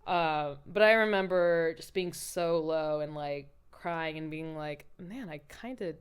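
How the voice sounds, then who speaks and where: A woman's voice: low voice, takes it slowly, smooth. Candid, foul-mouthed woman storyteller. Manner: candid, profane, animated storyteller. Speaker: podcast co-host. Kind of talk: casual chat.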